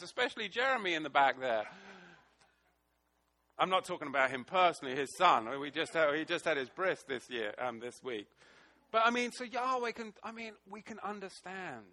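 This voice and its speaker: A man preaching a sermon to a small congregation, passionate and emphatic, moving between loud declaiming and hushed, emotional asides. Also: on the high side, expressive, moderate pace.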